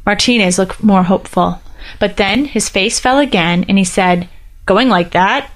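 A woman narrates a fiction story in a steady reading voice. She gives the characters' lines a light lift rather than full voices, keeping an even, mid-pitched tone throughout. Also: moderate pace. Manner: reads all characters lightly, with small pitch lifts for dialogue. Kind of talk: scripted narration.

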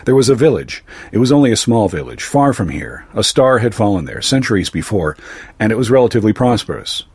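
A man's voice: fairly low pitch, very animated, brisk, a little mellow, husky, dry recording, full character voice. A man voicing a vengeful male wanderer seeking justice, speaking in an intense, clipped way. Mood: urgent.

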